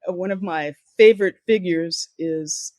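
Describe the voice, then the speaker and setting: Guesting on a podcast, an older woman who is an author and speaker tells career anecdotes, doing the voices of people she quotes. She speaks at a measured pace in a lowish, darkish voice with no echo.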